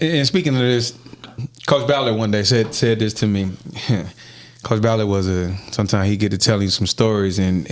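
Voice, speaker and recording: Guy on a podcast telling a story, swearing a lot, lively, laughing as he goes. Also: lowish voice. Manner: profane, animated storyteller, laughs often. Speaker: podcast host. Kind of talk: casual storytelling chat.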